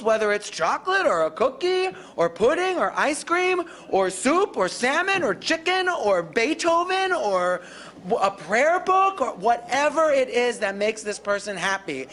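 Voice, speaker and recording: A woman giving a live workshop on dementia care, animated and acting out calm, reassuring caregiver lines. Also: on the high side.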